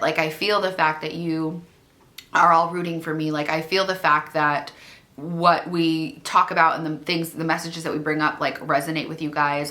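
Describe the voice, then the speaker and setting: A woman's voice: low voice, sharp tone. A young woman vlogging alone in her room, rambling casually and saying "like" constantly as she gives self-help tips to her viewers. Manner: rambling, heavy use of "like". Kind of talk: chatty self-help vlog. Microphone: camera.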